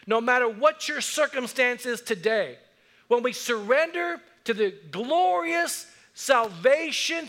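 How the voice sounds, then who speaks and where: A man's voice: very high voice, animated, unhurried, pushed and bright. A middle-aged man preaching a sermon, telling stories earnestly and building to emphatic declarations. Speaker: pastor. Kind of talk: sermon storytelling.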